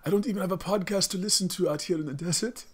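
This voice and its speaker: A man's voice: high-pitched, fast, husky, pitched above the performer's own voice. A man voicing a starving young ancestor lost in the desert, griping with lots of swearing. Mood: desperate. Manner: whiny, profane griping.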